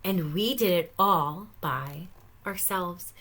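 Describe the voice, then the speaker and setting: A woman voicing an excitable, bossy highlighter marker in a storybook, loud and urgent. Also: slow. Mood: triumphant. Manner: loud and urgent, high-pitched.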